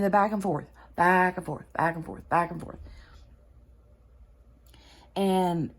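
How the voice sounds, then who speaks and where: Woman host, relaxed craft-chat tone, unhurried, rambling storyteller. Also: fairly low pitch. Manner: rambling storyteller, many fillers and restarts. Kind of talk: casual chat while crafting.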